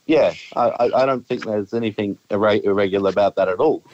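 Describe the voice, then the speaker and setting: A man on a phone call, polite and earnest as he defends himself. His voice sits low. The line sounds muffled and dull. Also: a little fast, a little mellow. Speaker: prank call target.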